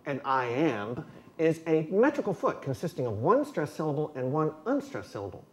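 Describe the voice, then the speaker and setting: A man's voice: on the high side, sing-song, moderate pace. Man explaining in a roomy space. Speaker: presenter explaining poetry. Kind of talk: scripted educational narration. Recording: roomy echo with faint background noise.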